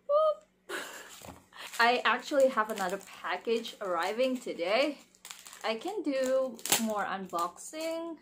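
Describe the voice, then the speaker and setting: A young woman chatting casually through an unboxing vlog, very expressive and giggly, squealing with excitement. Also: mid-range voice, slight background noise. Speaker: vlogger unboxing wrestling merchandise.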